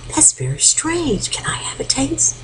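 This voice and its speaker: A woman's voice: sits high, wildly swooping pitch, a little slow, noisy background, pitched above the performer's own voice, exaggerated voice. A grandmother putting on a big, eager eagle. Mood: delighted. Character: big, friendly, greedy male eagle.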